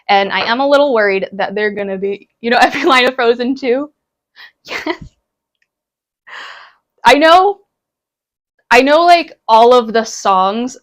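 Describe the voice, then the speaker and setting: A woman's voice: medium pitch, a bit bright. Bubbly young woman streaming at home. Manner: bubbly, chatty, laughs often, talks to chat. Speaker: live streamer. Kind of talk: casual stream chat while cooking.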